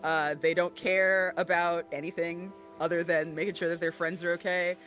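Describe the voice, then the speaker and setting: High, bright-voiced man telling stories. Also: normal speed, faint music behind. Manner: animated, profane storyteller who laughs often. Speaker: podcast guest. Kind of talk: casual chat.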